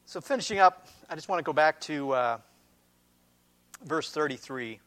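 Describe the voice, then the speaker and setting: A middle-aged man preaching a sermon as pastor, earnest and emphatic, dropping to soft reassurance at times. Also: on the high side, lively intonation, moderate pace.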